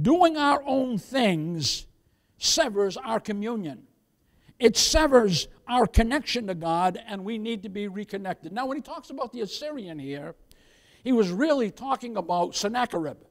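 A man preaching a sermon as pastor, swinging from loud exhortation down to near-whispers, with many calls of "beloved" and "Amen?". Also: very high voice, long reverb tail. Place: church sanctuary.

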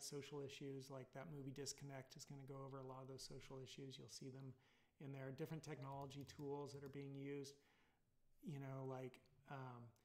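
Rambling Californian college instructor. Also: male voice, medium pitch, a little mellow. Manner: casual, rambling, many fillers and tag questions. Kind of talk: recorded online lecture.

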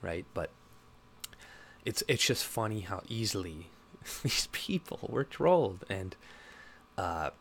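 A man's voice: animated, takes it slowly, gravelly, long pauses, fairly bright tone, a little hiss or hum. Laughing, mocking man ranting casually. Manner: rambling, mocking, laughs often, mimics opponents in higher voice. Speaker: political commentary vlogger. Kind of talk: casual political commentary.

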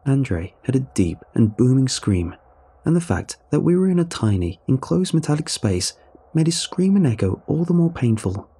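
Brief: man reading horror fiction, grave and measured, husky dark tone. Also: mid-range voice, big pitch swings. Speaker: horror story narrator. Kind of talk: scripted horror narration.

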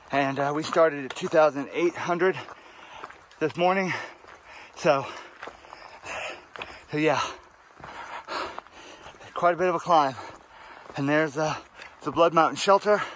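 Out on a mountain trail, a man vlogs while hiking, his voice on the high side and a bit bright, with slight background noise. Breathless and chatty, he narrates casually for viewers he calls "guys," packing his talk with fillers.

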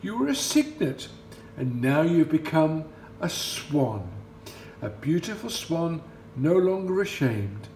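A man voicing kindly, graceful swans in a storybook reading, speaking in a soft, coaxing way. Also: on the high side, very animated, takes it slowly, roomy sound, a little hiss or hum, full character voice. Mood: gentle. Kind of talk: storybook read-aloud.

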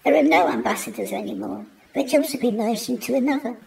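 A man voicing a frightened female alien filing clerk with a squeaky, high voice. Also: creaky, distant mic, slight background noise, low-quality recording. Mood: scared. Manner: frightened, hurried.

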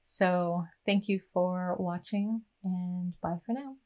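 A woman talking to camera in an earnest, reflective personal monologue, unhurried, with frequent ums and uhs. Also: on the low side, steady tone, darkish tone. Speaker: vlogger.

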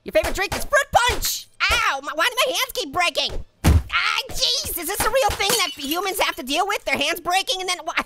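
As a gameplay commentator, a performer voices a cheeky, hyper male cartoon orange narrating a comedic VR boxing playthrough. In a very high, expressive voice at a fairly quick pace, he taunts with glee, giggling, cracking wise and cackling constantly. Heavy background noise fills the recording.

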